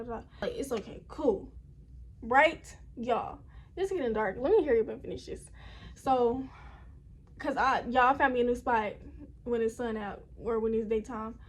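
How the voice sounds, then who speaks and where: A young woman with a high, light voice tells a personal story in a loose, rambling way. She keeps turning to her viewers as she talks. A faint room hum sits behind her at home. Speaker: vlogger. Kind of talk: casual storytime. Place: indoors at home.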